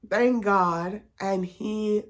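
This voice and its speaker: A woman's voice: mid-range voice, drawn-out words. A young woman telling her own story in a candid, confiding vlog testimony. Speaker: vlogger.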